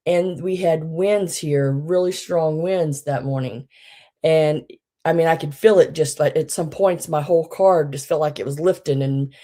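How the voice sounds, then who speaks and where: Casting: woman host, low and unhurried, folksy live-stream chatter. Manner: chatty, folksy, greets viewers by name; drops into soft muttering asides. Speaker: host of a live online vintage sale. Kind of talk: casual live-stream chat.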